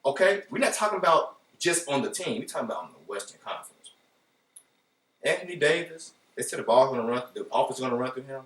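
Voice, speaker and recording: A man hosting a casual sports podcast, talking in an animated, playful way and speaking straight to his listeners. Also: medium pitch, quick pace, recorded from a distance. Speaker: podcast host. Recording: roomy echo, voice from off the mic.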